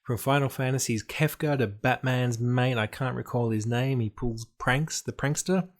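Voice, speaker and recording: A man's voice: medium pitch, normal speed. A man giving an explanatory talk on tabletop game design, emphatic and dry, with playful asides.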